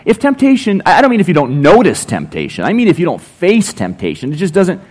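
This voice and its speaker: A pastor preaches a sermon in a high male voice that swoops wildly in pitch, moving at a quick pace with a slightly mellow quality. He tells everyday stories in a conversational, ironic way, full of dry, playful sarcasm.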